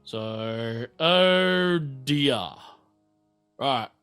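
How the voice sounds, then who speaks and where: An Australian man narrating a tabletop role-playing game as its game master. He talks slowly and meanders through his descriptions in a bright, somewhat high voice, with faint music playing under the table talk. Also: smooth. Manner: relaxed, rambling, many fillers.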